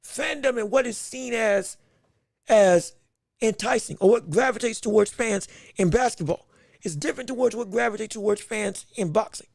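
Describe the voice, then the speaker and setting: High-voiced animated man with gravelly edge. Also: normal speed, dry recording, studio quality. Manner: animated, repeats himself, laughs while talking. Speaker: podcast host. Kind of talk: solo sports commentary podcast.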